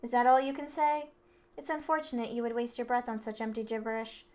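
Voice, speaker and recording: A woman's voice: a little high, flat delivery, a little fast, darkish tone, natural voice. Snooty rich boy heir, woman reading his lines, looks down on everyone. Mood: haughty. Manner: haughty, condescending. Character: arrogant rich teen boy heir, cold. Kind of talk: reading game dialogue aloud.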